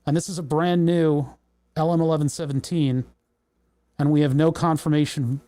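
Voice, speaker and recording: A young man streams himself troubleshooting electronics, thinking aloud and muttering as he works. His voice sits a bit high for a man yet has a mellow, soft tone. He gets exasperated and swears when the parts keep failing. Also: steady tone, normal speed. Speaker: livestream host. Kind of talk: casual livestream electronics tinkering.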